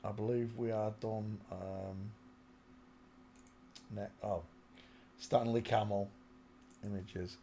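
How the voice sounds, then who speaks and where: A man with a fairly low, warm, level voice hosts his own stream from a small home desk mic, speaking slowly with long pauses over slight background noise. He mutters to himself, talks to viewers, and sometimes sings snatches of a song.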